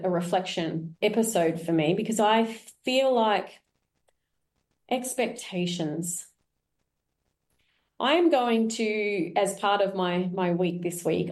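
A woman's voice: mid-range voice, darkish tone. Candid, chatty woman podcaster. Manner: candid, chatty, laughs at herself. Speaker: podcast host. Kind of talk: reflective solo podcast talk.

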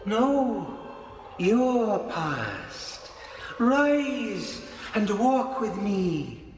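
A man voicing a soft, gentle, childlike ghost of the past, speaking slowly and high. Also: big pitch swings, echoey room, long reverb tail, background noise, exaggerated voice.

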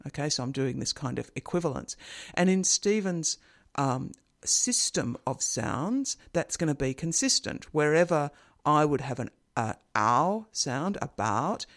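A man hosting a show, explaining accents and phonemes in a relaxed, conversational way with many fillers. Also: a little high, creaky. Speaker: host explaining linguistics. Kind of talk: casual educational talk.

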